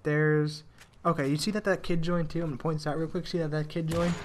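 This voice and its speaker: Young man, rambling work stories over gameplay, slightly high voice, faint hiss behind. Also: flat delivery, fast talker. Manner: rambling storytelling with restarts and swearing. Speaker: gaming commentator. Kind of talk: casual commentary over gameplay.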